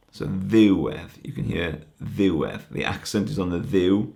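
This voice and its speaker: A man's voice: deep voice, creaky. A man giving a conference talk that explains Welsh poetry, breaking words down patiently syllable by syllable. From Wales. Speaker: language teacher.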